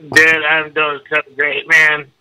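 A man's voice: a little high, completely flat delivery, takes it slowly, noisy background. A man calling in on speakerphone, stoned and laid-back, drawling with lots of dude and man. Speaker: caller. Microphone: phone on speakerphone.

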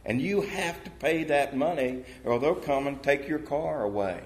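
A male pastor preaching a sermon in a church, telling a parable with lively changes of voice and rhetorical questions to the congregation. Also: moderate pace. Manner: animated storytelling, voicing parable characters with pitch jumps. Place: church sanctuary.

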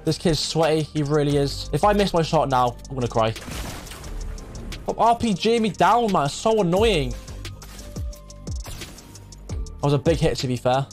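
A young man giving live commentary over his own gameplay, swinging from muttering to excited shouts. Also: a little high, normal speed, long pauses, soft background music. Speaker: gaming streamer.

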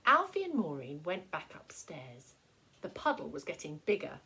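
A woman primary school teacher reading a picture book aloud to young children, with slow, expressive storytelling. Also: low-pitched, gravelly, poor audio.

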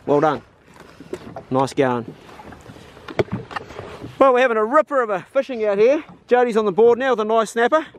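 A man giving excited, encouraging commentary while fishing from a boat, whooping at each catch. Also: extremely high pitch, normal speed, pauses often. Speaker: fishing channel host. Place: outdoors on a small fishing boat.

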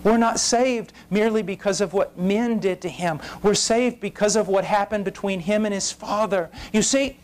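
A man preaching an intense, impassioned sermon that rises to shouts at its peaks. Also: high-pitched, normal speed, hardly any pauses, slight background noise. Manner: intense, rising to shouts at climaxes.

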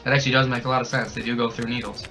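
A young man hyped up on energy drinks, narrating his gameplay, yelling and cackling at every death and win. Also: medium pitch, racing, vocal fry, faint music behind. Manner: excitable, shouts and cackles at the game. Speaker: gaming channel host. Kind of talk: hyper gameplay commentary. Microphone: desk mic with a camera nearby.

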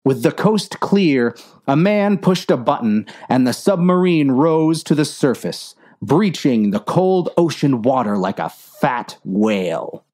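A woman reading a clumsy war story aloud in a slow, mock-earnest narration. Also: very deep voice, lively intonation, dark tone. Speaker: story reader.

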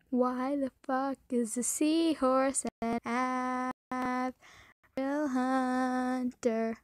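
High-voiced foul-mouthed woman gamer. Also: no room sound, clean studio sound. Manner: profane, raging outbursts and shrieks. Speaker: gaming YouTuber. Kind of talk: gameplay commentary.

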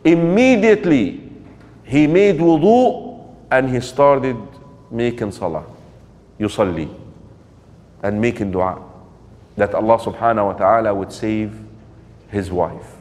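A man's voice: on the low side, takes it slowly, long pauses, darkish tone. A man giving a religious lecture in a storytelling way, asking the audience rhetorical questions and mixing in quoted Arabic phrases. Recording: long hall reverb.

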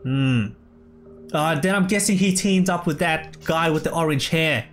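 Over game music and some background noise, a gamer with a voice on the high side gives easygoing let's play commentary at a slightly slow pace. He's laid-back, laughs a lot, and calls everyone bro.

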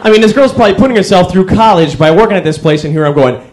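A young man performing a stand-up comedy set, telling wry stories with sudden yells. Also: high voice, lively intonation, racing, a little hiss or hum. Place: comedy club stage before a live audience. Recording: crowd laughter behind. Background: audience laughter.

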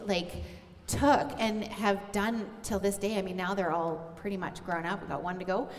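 A woman's voice: medium pitch, steady tone, normal speed. A middle-aged woman sharing earnestly on stage in a church, speaking directly to mothers in a conversational sermon. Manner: earnest, heartfelt, addressing moms directly. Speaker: pastor's wife sharing on stage. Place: church auditorium. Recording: long church hall reverb.

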